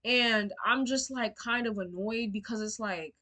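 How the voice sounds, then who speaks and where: Bright-voiced young woman telling a story. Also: on the high side, measured pace. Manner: emotional, indignant, swears freely, many fillers. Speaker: storyteller vlogger. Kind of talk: casual storytime to camera.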